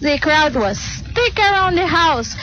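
A woman reading a story aloud in an earnest, expressive way. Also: high voice, unhurried, muffled recording.

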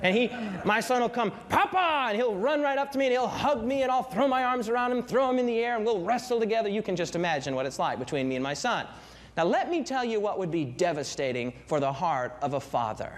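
A young man preaching a sermon with fervor, swinging his pitch and pace for emphasis. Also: big pitch swings, a little fast.

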